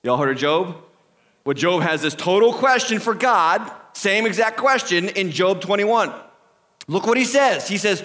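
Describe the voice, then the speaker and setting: A man, the lead pastor, preaching a sermon with animated delivery, acting out complaining voices and rising to shouts. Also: sits high, unhurried. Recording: long hall reverb.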